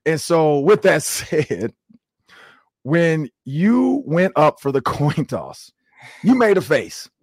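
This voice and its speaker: A man in his forties hosting a sports podcast, telling stories in a casual, animated way and acting out quotes with lots of "like.". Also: fairly high pitch, slow pace, no room sound, clean studio sound. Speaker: podcast host.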